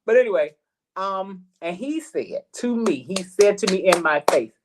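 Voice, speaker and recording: A middle-aged man hosting a live talk show, telling a personal story in an animated way, repeating words and acting out what others said. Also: high-pitched, normal speed, background noise. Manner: animated, repeats words, acts out quoted voices. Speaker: host.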